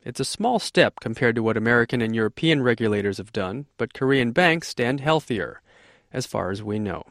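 A man, a radio correspondent, filing a crisp, lightly conversational news report. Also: mid-range voice, lively intonation, moderate pace, a bit bright, dry recording, clean studio sound.

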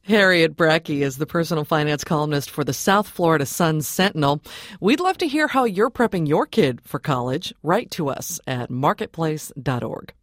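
A man hosting a radio show, introducing guests and segments in a measured, even way. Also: on the high side. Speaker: radio host.

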